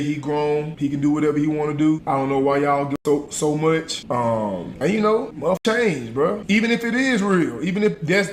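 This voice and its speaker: Man, casual chat, laid-back slang, slightly high voice, roomy echo.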